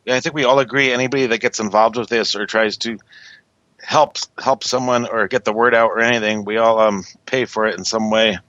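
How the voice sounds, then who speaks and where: A man's voice: fairly low pitch, fairly even intonation, brisk, fairly bright tone, no echo, dull audio. A man hosting a podcast, chatting casually and asking his guests questions. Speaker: podcast host. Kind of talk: casual interview chat.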